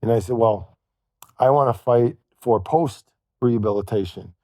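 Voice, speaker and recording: A man telling a long personal story as a podcast guest, halting and quoting what others said to him. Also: medium pitch, darkish tone, dry recording, studio quality. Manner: halting, retells events with quoted dialogue. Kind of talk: storytelling in conversation.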